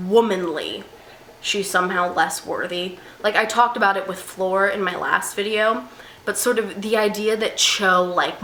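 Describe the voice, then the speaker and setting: A young woman talking through a book in a casual vlog. She is animated and self-mocking, swinging into mock outrage. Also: medium pitch. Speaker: book vlogger. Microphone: camera mic. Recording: roomy room with faint hiss.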